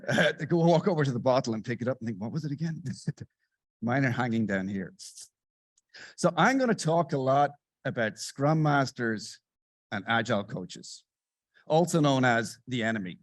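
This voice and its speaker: A middle-aged man giving a satirical keynote on a conference stage, sarcastic and animated, swinging between loud bursts and muttered asides. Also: mid-range voice, moderate pace, pauses often, no room sound. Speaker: conference speaker. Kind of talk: satirical stand-up style keynote.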